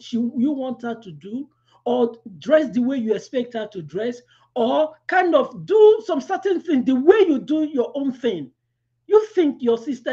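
Woman devotional speaker, animated storyteller, bright high voice with wide swings; muffled lo-fi recording. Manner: animated storytelling, quick asides, laughs while telling. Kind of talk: devotional teaching with personal story. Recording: lo-fi dull sound.

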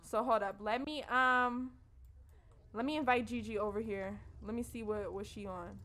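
Hosting a let's play, a young woman talks casually and expressively to viewers using slang. Her voice is a little high, steady, bright, and forceful at normal speed, with a slight hiss or hum in the background.

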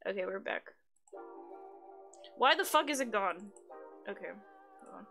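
A woman's voice: medium pitch, animated, measured pace, sharp tone. A woman live streamer in casual chat, reading her chat aloud, swearing freely and giggling often. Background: faint background music.

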